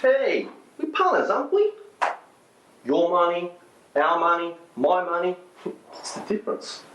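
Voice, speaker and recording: A man's voice: mid-range voice, sing-song, measured pace, reverberant, muffled recording. A man playing a glib swindling partner. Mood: placating. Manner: glib, placating. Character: smooth-talking swindling male partner. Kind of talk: drama scene.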